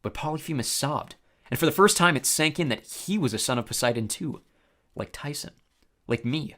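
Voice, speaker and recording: A man's voice: a little high, animated, normal speed, a bit bright. A man reading a story aloud, narrating expressively in the first person.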